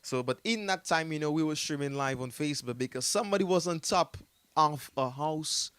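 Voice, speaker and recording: A man's voice: a little high, a little fast, fairly bright tone, smooth, dry recording. A man with a Jamaican accent telling a story in a casual interview, rambling with many fillers and frequent laughter. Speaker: artist telling his story as a guest.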